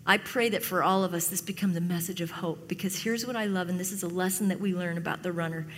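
Woman preaching in an echoing hall. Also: on the low side. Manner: animated storytelling, acting out characters in quick asides. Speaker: pastor. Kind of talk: sermon. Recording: long reverb of a large hall.

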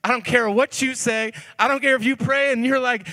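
A young man preaching a sermon through a funny story, animated and jokey, swinging between loud and hushed. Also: extremely high pitch, fairly quick. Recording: long reverb of a hall.

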